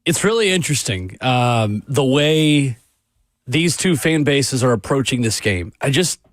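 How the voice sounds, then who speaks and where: A man hosting a sports talk radio show in a studio, chatty and energetic, laughing easily with his co-host. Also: mid-range voice, a little slow, dry recording. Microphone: studio microphone.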